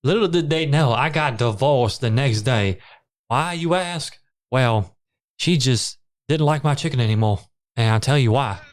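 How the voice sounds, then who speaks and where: Man, podcast co-host, casual chat, deadpan jokes, ordinary pitch. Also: a little slow.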